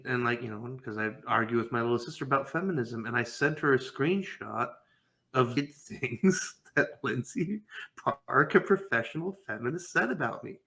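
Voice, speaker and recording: Bright, animated young man ranting. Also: medium pitch. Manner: animated, swearing, mock-quoting opponents in put-on voices. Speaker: podcast co-host. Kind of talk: casual panel chat.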